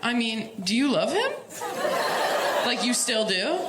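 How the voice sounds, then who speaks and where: A woman in her thirties doing stand-up crowd work, teasing audience members with sarcastic rapid-fire questions. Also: on the high side, sing-song, heavy background noise. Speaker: stand-up comedian. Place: live comedy stage with a laughing crowd. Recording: echoey venue, loud crowd laughter.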